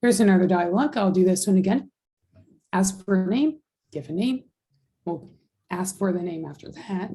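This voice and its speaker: A woman's voice: medium pitch, moderate pace, pauses often, warm tone, low-quality recording. A woman teaching a sign language class over a video call, patiently explaining each step. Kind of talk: online class instruction.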